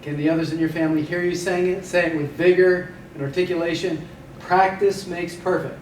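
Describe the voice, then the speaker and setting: A man's voice: on the high side, steady tone, a little fast. A man teaching Hebrew vocabulary in a recorded lecture, repeating each word for drilling and slipping in dry puns. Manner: dry punning humor, drills words by repeating them. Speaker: Hebrew instructor. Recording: echoey room, mic at a distance, faint background noise.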